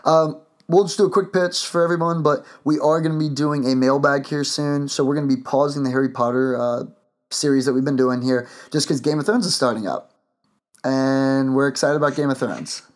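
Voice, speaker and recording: A man's voice: mid-range voice, fairly even intonation, brisk. Guy hosting a podcast, casual rambly chat, lots of ums and restarts. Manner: rambling, many fillers and restarts. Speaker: podcast host.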